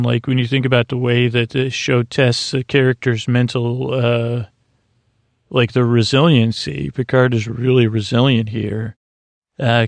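A man's voice: mid-range voice, creaky, no room sound. A man casually recapping a TV episode, rambling with many fillers and restarts, paraphrasing the characters' lines as he goes. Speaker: podcast host recapping an episode.

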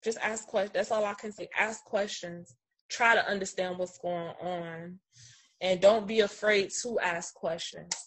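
A woman's voice: mid-range voice, fairly even intonation, a little slow, fairly bright tone, breathy edge. A woman guest on a video call, earnestly giving advice and repeating her points. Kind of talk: casual advice.

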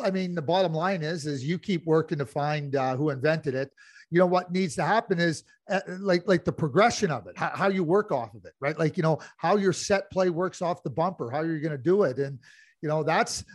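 A man's voice: on the high side, expressive, a little fast, dry recording, clean studio sound. A man co-hosting a podcast, breaking down the game in casual chat, with frequent restarts. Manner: analytical, many restarts and fillers. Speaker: podcast co-host, hockey analyst.

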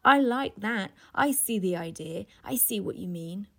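A woman's voice: medium pitch, expressive, measured pace, a bit bright, breathy edge, full character voice. A woman reading the part of an older male professor who exclaims in amusement. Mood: amused.

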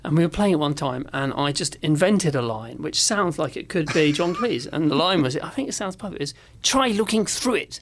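Guy telling a story, slightly high voice, does the voices. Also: fairly quick, few pauses, slight background noise. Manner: animated storyteller, acts out quotes. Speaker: podcast co-host. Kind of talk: casual chat, telling an anecdote.

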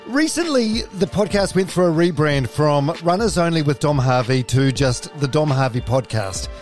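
A man's voice: fairly high pitch, expressive, darkish tone, faint music behind. A man hosting a podcast in a chatty, jokey way. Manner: chatty, jokey, quick to laugh. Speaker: podcast host.

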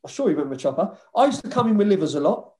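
A man's voice: high-pitched, sing-song, very fast, a little mellow, reverberant. A man with a London accent, a former footballer telling dressing-room stories in a casual chat, swearing freely and laughing often. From London (Hackney).

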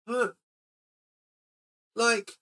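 A man's voice: drawn-out words, bright, forceful tone. A man hosting a casual film podcast, rambling and quizzical as he recaps a scene. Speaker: podcast host. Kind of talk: casual film-review chat.

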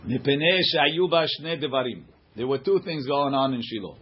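Husky male teacher leading a class. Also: medium pitch, animated, normal speed. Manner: conversational, translating passages line by line. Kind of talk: informal text-study class. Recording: dull lo-fi recording.

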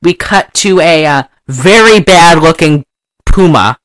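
Animated woman rambling through a film recap. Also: sits low, unhurried, no echo. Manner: rambling and animated, breaks into loud laughter and mock accents. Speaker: podcast host recapping a film. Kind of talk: casual chat.

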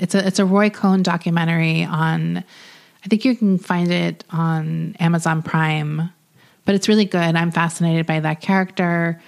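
A young woman co-hosting a podcast, easygoing and quick to laugh, often hedging. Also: fairly low pitch, gravelly. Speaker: podcast co-host. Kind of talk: casual chat.

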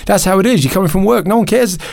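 A man, a podcast guest, telling a candid personal story in an animated, emotional way, often restarting and laughing at himself. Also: high-pitched, racing, vocal fry, no room sound, studio quality.

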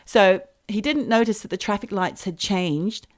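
A woman hosting a comedy podcast, telling a story in an animated, mock-serious way. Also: medium pitch, moderate pace.

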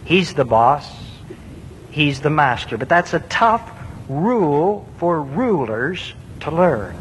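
A man preaching a sermon in an earnest, emphatic way, leaning on rhetorical questions. His voice sits a little high for a man. It carries a long reverb, with a faint low rumble behind it. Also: big pitch swings, slow pace.

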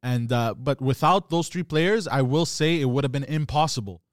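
A man co-hosting a podcast in casual chat, talking in a relaxed way with lots of fillers. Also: mid-range voice, normal speed, no room sound, studio quality. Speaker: podcast co-host.

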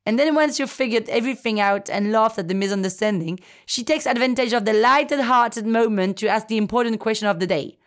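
A woman's voice: on the high side, fairly quick. A woman, telling wry, self-mocking comic stories as a podcast host. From France. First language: French. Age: 30s. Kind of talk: comic storytelling.

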